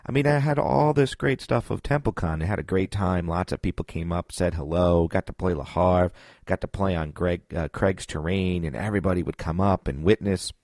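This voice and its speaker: A man with a very low voice rambles through a casual, self-deprecating story for a gaming podcast. The recording is dry and close, with no room sound. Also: normal speed, a little mellow, dry recording. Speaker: podcast co-host. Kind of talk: casual monologue.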